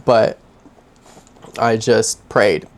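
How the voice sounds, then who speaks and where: A young man vlogging from his home, telling his own story in a candid, halting way with heavy sighs. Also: lowish voice. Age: young adult. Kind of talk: personal confessional story.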